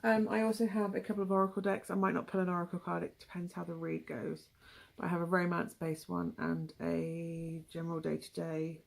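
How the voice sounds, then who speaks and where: A woman's voice: fairly low pitch, flat delivery, brisk, gravelly, few pauses. A young woman with a West Country English accent giving a casual, rambling tarot reading, full of asides and ums. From England. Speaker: tarot reader.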